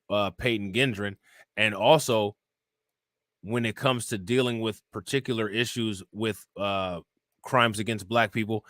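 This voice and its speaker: A man with a lowish, slightly bright voice hosts a live-stream crime show, recorded clean in the studio with no room sound. He talks loosely and conversationally, reading charges and reports aloud, then reacting and quizzing viewers, forever asking "you know what I'm saying?" It's casual live-stream commentary on news and chat.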